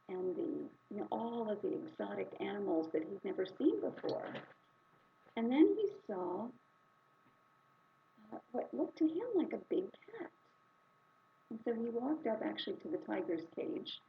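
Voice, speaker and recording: A woman telling a story during a spiritual service in an animated, conversational way. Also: medium pitch, gravelly. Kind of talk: sermon storytelling. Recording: slightly dull recording with faint hiss.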